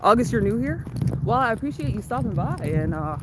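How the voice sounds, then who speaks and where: A woman's voice: a little high, big pitch swings, fairly quick. Chatty, cursing young woman streaming outdoors. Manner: profane, chatty, laughs often, reads chat aloud. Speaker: live streamer. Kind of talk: casual live-stream chat while walking. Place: outdoors on a walk in the sun. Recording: loud outdoor background noise. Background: loud outdoor noise.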